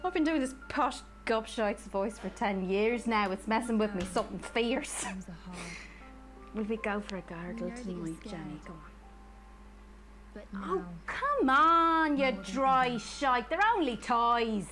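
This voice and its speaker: A woman's voice: on the high side, a little slow, music in the background, lightly acted. A woman with an Irish accent playing a presenter who drops her posh act off air, blunt and coarse. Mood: relieved. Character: off-air female presenter, crude, relieved.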